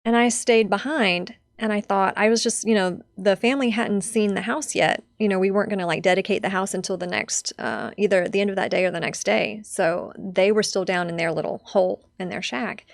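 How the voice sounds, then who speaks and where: A woman's voice: mid-range voice, steady tone, fairly quick, vocal fry, few pauses, no room sound, studio quality. A young adult woman telling a personal story as a podcast guest, heartfelt and chatty with lots of fillers.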